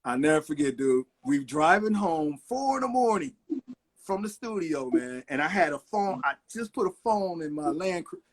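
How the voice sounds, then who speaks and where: A man's voice: a little high, moderate pace. A middle-aged man, a record producer, telling stories in a casual interview and acting out the people he quotes. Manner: animated storyteller acting out quotes.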